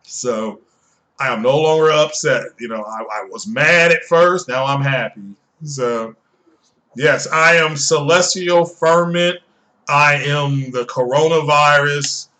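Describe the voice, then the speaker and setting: Slow-talking bright-voiced male streamer. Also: on the high side. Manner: excitable and rambling, repeating himself. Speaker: live streamer. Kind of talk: casual live-stream chat.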